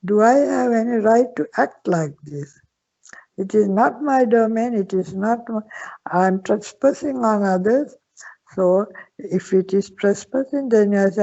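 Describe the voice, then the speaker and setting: An older woman, a Buddhist nun, teaching at a slow, patient pace with repeated questions and frequent restarts. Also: medium pitch, gravelly, dark tone. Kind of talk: Dharma Q&A teaching. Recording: dull lo-fi sound.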